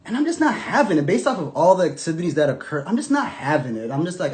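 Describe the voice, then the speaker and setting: Animated man with a lively, higher voice. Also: fast talker, few pauses. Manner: animated, swings from loud outbursts to quiet murmurs; loose slang, many restarts and fillers. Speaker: vlogger telling his own story. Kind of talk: casual storytelling to camera.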